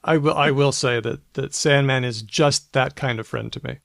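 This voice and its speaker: A man's voice: medium pitch, moderate pace, gravelly, fairly bright tone, no echo, studio quality. A man co-hosting a casual language podcast, chatty and explanatory, reading out news items with asides. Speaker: podcast co-host.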